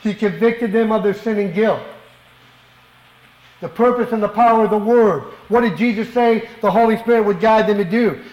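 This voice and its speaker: A middle-aged male preacher with a high voice delivers a fervent, emphatic sermon in a church. He leans on rhetorical questions, and his words ring out in an echoey hall. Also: normal speed, darkish tone, dull audio.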